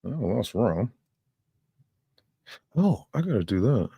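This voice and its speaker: Low-voiced guy rambling and cussing through his reaction stream, dry close sound. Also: sing-song, takes it slowly, creaky, mellow, husky, no echo. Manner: rambling, profane, laughing, with sound-effect fillers. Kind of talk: casual commentary.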